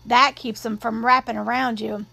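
A woman's voice: fairly high pitch, little pitch movement, normal speed, creaky, heavily acted. A woman doing a bossy older boy. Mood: spooky telling. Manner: shouting, scolding.

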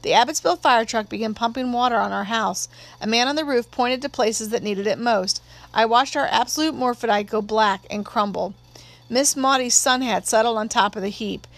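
A woman narrating an audiobook in a measured, steady storytelling voice. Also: on the high side.

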